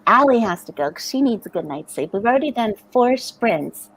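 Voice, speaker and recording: On a low-quality recording, a brisk, breathy woman's voice pitched on the high side comes through. She's a middle-aged American co-hosting a writing livestream, animated and laughing frequently as she tells stories in casual chat.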